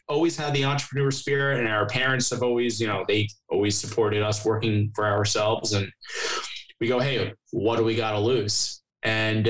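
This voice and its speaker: A man with a fairly low voice, sitting in as a podcast guest. He talks casually, drifting through long stories with plenty of fillers and reenacted back-and-forth. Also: a bit bright, rough recording. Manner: rambling storyteller, many fillers and acted-out dialogue. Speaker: podcast guest, company co-founder. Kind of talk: casual chat.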